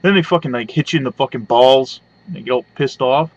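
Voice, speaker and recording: A webcam vlogger, male with a mid-range voice, rants sarcastically and profanely at a fairly quick clip, humming and tossing in side comments as he rambles. Recorded at home on a webcam mic, the sound is dull and lo-fi, with no echo.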